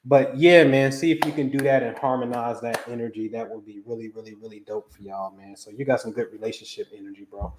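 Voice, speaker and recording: A middle-aged man hosts a casual astrology stream in a loose, slangy manner and addresses viewers by name. His voice sits in a middle pitch. The room around him is echoey. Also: fairly even intonation, brisk, hardly any pauses, background noise. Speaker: astrology reader host. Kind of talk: casual live-stream reading.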